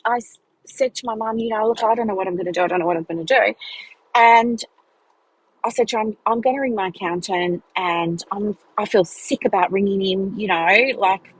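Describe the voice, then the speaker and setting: A woman hosts her podcast in a chatty, animated storytelling style. Her voice leaps high whenever she acts out what someone said, and it has a slightly husky, breathy edge. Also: rough recording. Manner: animated, chatty, acts out dialogue with big pitch jumps. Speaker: business mentor and podcast host. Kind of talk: casual storytelling monologue.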